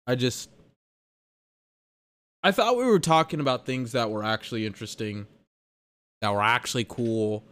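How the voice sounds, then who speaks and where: A man's voice: mid-range voice, moderate pace, pauses often, a bit bright, no echo. A man hosting a podcast, ranting about football in an exasperated, sarcastic way with plenty of swearing. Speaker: podcast host. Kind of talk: ranting sports commentary.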